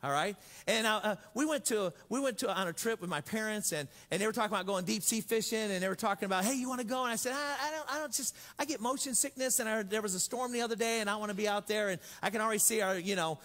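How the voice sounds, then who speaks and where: Man preaching, high voice, lively storytelling, jokes, long hall reverb. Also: very fast, hardly any pauses. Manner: storytelling, joking, acts out voices. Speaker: pastor. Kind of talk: sermon.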